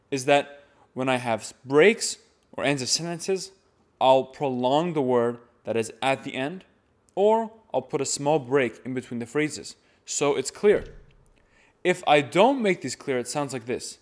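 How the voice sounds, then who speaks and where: A man's voice: mid-range voice, expressive, unhurried. A man teaching how to chant a church reading, explaining plainly step by step. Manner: plain, explanatory, with sung demonstrations. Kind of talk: instructional talk to camera.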